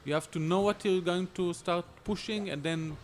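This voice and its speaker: A man with a slightly raised pitch speaks in a firm, instructive way. A faint background hum sits under his voice as he lays out advice on a podcast panel. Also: normal speed. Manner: instructive, emphatic. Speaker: SEO panelist. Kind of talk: casual podcast discussion.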